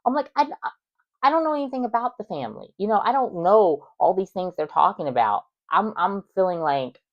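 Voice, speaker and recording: A woman's voice: mid-range voice, big pitch swings, brisk, highs cut off. A woman host telling a personal story in a chatty way, full of fillers and exasperated asides. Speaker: podcast host.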